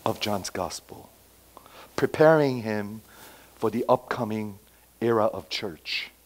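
A man preaching a sermon, acting out quotes and swinging between loud emphatic lines and quiet asides. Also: mid-range voice. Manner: acts out quoted dialogue, repeats phrases. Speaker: pastor.

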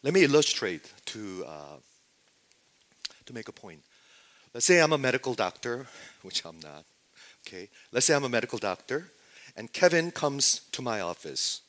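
A male preacher delivering a sermon with passion, swinging from loud exclamations to hushed, near-whispered lines. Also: medium pitch, sing-song, moderate pace, pauses often.

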